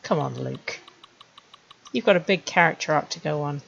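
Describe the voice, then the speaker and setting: A woman streamer chatting wryly to herself as she builds animated scenes, laughing at her own jokes. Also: sits low, normal speed, gravelly, highs cut off, a little hiss or hum. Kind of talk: casual commentary while making a 3D animation.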